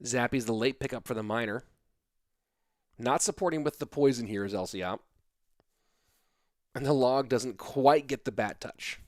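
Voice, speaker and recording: A man's voice: medium pitch, moderate pace, pauses often, no echo, clean studio sound. A tired man in his thirties casting an esports match on a live stream, chatting casually and reading viewer comments aloud between plays. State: sleepy. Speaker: esports caster.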